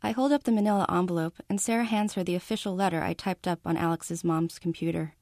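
A woman author reading a passage of her novel aloud in a calm, measured first-person narration. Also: lowish voice, no echo, clean studio sound.

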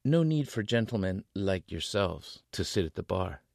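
A man's voice: sits low, very animated, normal speed, vocal fry, darkish tone, dry recording, exaggerated voice. A man reading aloud, voicing a weary, sardonic taco cook who speaks curtly. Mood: dry. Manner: curt, dry.

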